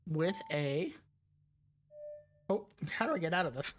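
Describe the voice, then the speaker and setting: A young woman chats casually on a live game stream. Her voice swings widely in pitch as she rambles, laughing often and pausing to eat. She talks close to a desk microphone. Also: huge pitch swings. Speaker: VTuber streamer. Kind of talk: casual live-stream chat while gaming.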